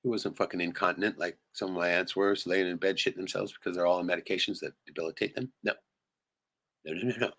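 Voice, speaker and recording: Low-voiced man ranting, profane and heated. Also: flat delivery, fast talker, few pauses, a bit bright. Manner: profane, rambling, heated venting; peppers speech with "right?". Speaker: livestream host. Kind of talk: casual livestream rant.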